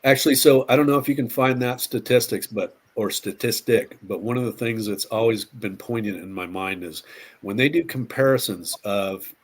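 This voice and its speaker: Husky middle-aged police officer. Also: male voice, mid-range voice, normal speed. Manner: rambling, repeats words, acts out quotes. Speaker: police officer and podcast guest. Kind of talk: casual storytelling interview.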